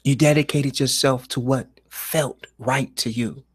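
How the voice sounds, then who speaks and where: A man talks alone on a live stream at a very unhurried pace, his pitch in the middle range. He delivers a meditative monologue, pushing some words out loudly and letting others sink to a near-whisper. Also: steady tone, breathy edge. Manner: slow, drawn-out, swings between loud emphasis and near-whisper. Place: alone at home.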